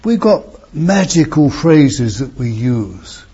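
A man's voice: medium pitch, big pitch swings, takes it slowly, mellow, husky, highs cut off. A man preaching an expository sermon, emphatic, asking rhetorical questions and breaking into raised bursts.

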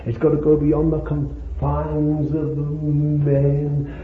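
A man's voice: a little high, monotone, slow, slight background noise. A man preaching a sermon with fervent, lingering emphasis on repeated words, recorded on a tinny old sermon tape in a roomy church hall.

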